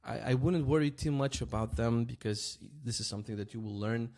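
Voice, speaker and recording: A man teaching a language lesson in a relaxed, casual way, repeating example words slowly and often checking in with "right?". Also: medium pitch.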